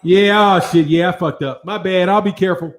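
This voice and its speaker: A man's voice: high-pitched, steady tone, a little fast, faint music behind. A man hosting a boxing channel livestream. He reads out viewer chat and talks to viewers in a casual, slangy, profane way. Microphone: studio microphone with several cameras.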